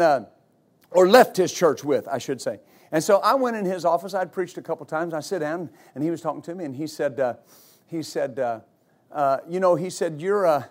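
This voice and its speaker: A middle-aged male pastor giving a sermon, telling stories with loud exclamations and laughter. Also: on the high side.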